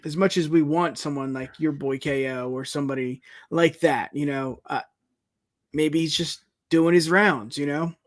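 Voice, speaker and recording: A podcast co-host chats casually in a slightly high, fairly even voice at a moderate pace, leaning on fillers like "you know" and "it's just like." The recording is dry and studio quality.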